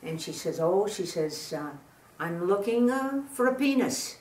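An older woman telling jokes in a chatty, halting way, laughing at her own punchlines. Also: medium pitch, expressive, darkish tone. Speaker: guest storyteller. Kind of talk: telling jokes in casual chat. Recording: roomy sound from a distant mic.

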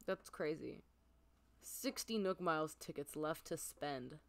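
Give me an excitable, gushing woman chatting through a casual game stream. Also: deep voice, measured pace, gravelly. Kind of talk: casual gameplay commentary.

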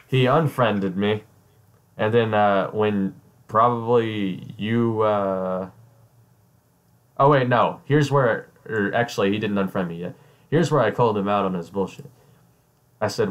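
A man's voice: fairly low pitch, normal speed. A man hosting a casual chat with a friend, chatty, reading out chat messages with mocking emphasis. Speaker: host.

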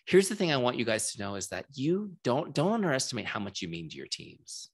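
A man's voice: medium pitch, very animated, fast, few pauses, fairly bright tone. A middle-aged man giving a casual, chatty training talk, often asking the group questions. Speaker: software founder and trainer.

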